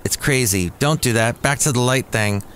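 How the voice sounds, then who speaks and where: A man's voice: mid-range voice, moderate pace, fairly bright tone, a little hiss or hum. A man hosting a comic podcast in a goofy, jokey way, reading jokes aloud and slipping into silly voices. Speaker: podcast host. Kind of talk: comic solo podcast chat.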